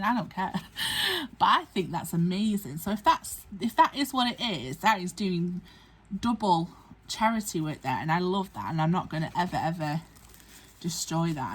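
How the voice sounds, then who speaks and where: A young woman chatting excitedly as she unboxes craft supplies at home. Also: mid-range voice, slightly rough, low-quality recording. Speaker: crafting vlogger. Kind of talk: casual unboxing chat.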